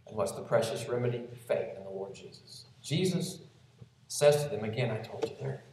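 A man delivers a gentle, expository sermon, explaining scripture verse by verse. His voice rings through a very reverberant space. He stands some way off from the microphone. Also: on the low side, expressive, normal speed, noisy background. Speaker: pastor. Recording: very echoey room, voice from a distance.

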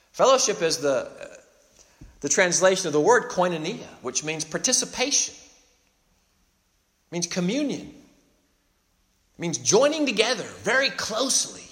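A man preaching a sermon in a church, his voice pitched a little high and carrying a long echo through the hall. He talks earnestly and emphatically, often restarting mid-phrase and repeating words as he works toward each point. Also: fairly bright tone. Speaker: pastor.

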